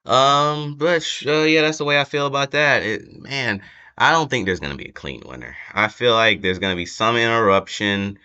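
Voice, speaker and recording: A man's voice: medium pitch, lively intonation, moderate pace, bright, forceful tone, smooth. A young man hosting a casual wrestling prediction chat, rambling and hesitant, with many fillers and restarts. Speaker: wrestling channel host. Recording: dull lo-fi home recording.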